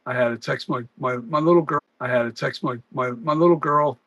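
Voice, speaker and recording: A man's voice: mid-range voice, a little fast, fairly bright tone, dry recording, studio quality. A man who makes masks, chatting casually on a live stream, rambling and often trailing off and restarting sentences. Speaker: mask maker and live streamer.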